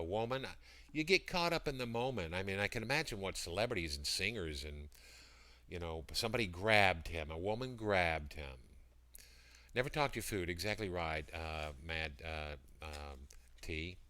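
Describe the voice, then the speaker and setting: A man hosts a loose livestream from his computer mic, chatting and pitching his products between greetings to viewers. His voice is deep yet bright and clear, with a rambling, friendly flow. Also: lively intonation, normal speed. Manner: rambling, greets chat viewers by name, breaks into sung jingles. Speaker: livestream seller. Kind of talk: casual livestream chat.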